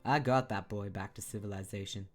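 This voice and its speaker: A man voicing a gruff middle-aged army veteran dad who tells a grim story slowly. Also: lowish voice, fairly even intonation, faint music behind, lightly acted.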